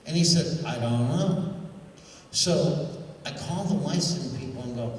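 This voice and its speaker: A man's voice: medium pitch, lively intonation, moderate pace, darkish tone, a little hiss or hum. A man, a cartoonist at a convention panel, telling rambling stories and acting out the dialogue, correcting himself as he goes. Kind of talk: anecdotal panel storytelling. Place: convention hall panel room. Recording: echoey hall, voice from far off.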